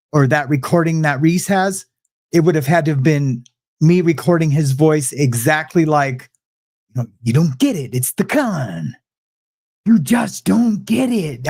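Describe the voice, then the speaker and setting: A man's voice: a little high, a little mellow. Young man ranting defensively on a livestream. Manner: defensive, rambling, repeats himself. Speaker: livestream host. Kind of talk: heated livestream rant.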